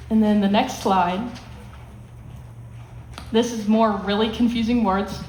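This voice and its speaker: A woman's voice: a little high, darkish tone. Woman, youth Bible teacher, plain explanatory delivery, reverberant room with faint hiss. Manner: explains plainly, acts out quotes with emphasis. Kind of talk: teaching a Bible lesson to students.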